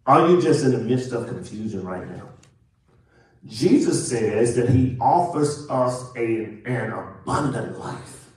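A man, pastor, preaching a sermon and swinging from loud to hushed. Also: mid-range voice, expressive, slow pace. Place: church sanctuary. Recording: echoey church from far off.

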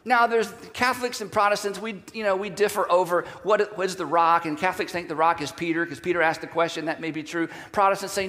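A man's voice: sits high, brisk, few pauses, a bit bright, big-room sound. A male pastor preaching a conversational sermon, telling stories and acting out quoted voices. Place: church sanctuary.

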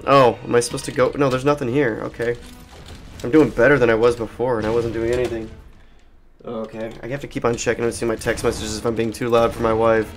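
A man's voice: mid-range voice, steady tone, moderate pace, long pauses. Give me an adult man casually commenting on a video game, wandering off into long anecdotes full of swearing and self-deprecating jokes. His voice sits in a middle register and he talks loosely, with restarts and asides. Faint game music plays underneath. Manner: meandering, profane, jokey storytelling. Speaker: let's play host. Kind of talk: rambling gaming commentary.

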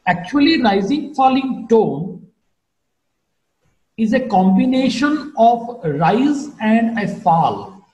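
Slow, sing-song male phonetics lecturer. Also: very animated, darkish tone, reverberant, lo-fi sound. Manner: slow, deliberate teaching with wide pitch swings. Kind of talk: recorded online lecture.

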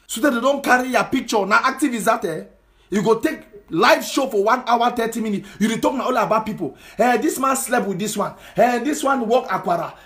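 This man's voice is extremely high and a bit bright as he, a political commentator with a Cameroonian Pidgin English accent, passionately scolds his social media audience with rhetorical question after rhetorical question.

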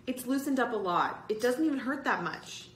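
A whiny, insistent schoolboy, as a woman reader puts him on, pitched higher than a grown voice. He presses every point in a storybook reading, with a roomy echo around the voice. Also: animated, normal speed, slight background noise, natural voice. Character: excitable boy, middle-school age.

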